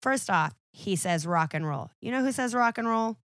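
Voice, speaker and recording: A woman's voice: a little high, animated, moderate pace, fairly bright tone, dry recording, studio quality. A young woman guesting on a podcast, chatting casually in a rambling, laughing way full of "like". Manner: rambling, laughing, sprinkled with "like" and swearing.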